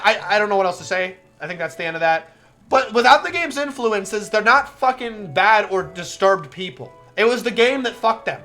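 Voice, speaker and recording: A woman's voice: lowish voice, fairly bright tone. Ranting, swearing female game streamer. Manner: heated, swearing ranting with quick stumbling restarts. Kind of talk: live game commentary and reading.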